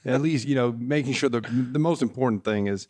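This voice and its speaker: A man's voice: medium pitch, brisk, a little mellow. A man, a golf equipment tour rep, guesting on a casual podcast and telling rambling stories with fillers and frequent laughter.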